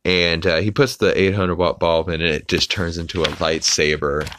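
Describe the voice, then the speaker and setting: A man's voice: low-pitched, flat delivery, normal speed, fairly bright tone, slight background noise. A young adult man hosting a podcast, casually recapping a cartoon with lots of fillers and the odd swear, on a close mic. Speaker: podcast host.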